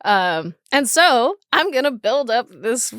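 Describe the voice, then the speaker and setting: A woman's voice: a little high, very animated, takes it slowly, fairly bright tone, dry recording, clean studio sound. A woman hosting a podcast in casual chat. She talks expressively, swears freely and laughs often while drinking whiskey. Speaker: podcast host.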